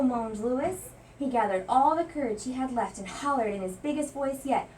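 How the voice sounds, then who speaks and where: A young woman teacher reading a children's picture book aloud, dramatic and hushed at tense moments. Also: fairly high pitch, normal speed, a little hiss or hum. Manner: expressive, dramatic storyteller, hushed at suspense. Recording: voice from a distance from the mic.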